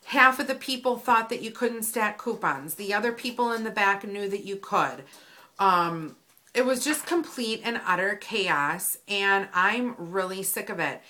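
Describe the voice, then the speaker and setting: A woman vlogger telling a story in a casual, exasperated rant, acting out both sides of the conversation. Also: medium pitch. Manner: animated, exasperated retelling with quoted dialogue.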